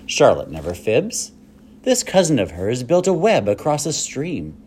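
A man's voice: lowish voice, sing-song, normal speed, darkish tone, a little hiss or hum. A man reading aloud and voicing an imaginative young farm girl, earnest and eager as she tells her tales.

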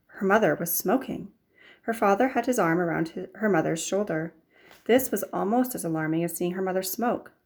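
An audiobook narrator, a woman with a mid-range voice, reads a novel aloud in a measured storytelling manner. This is scripted narration.

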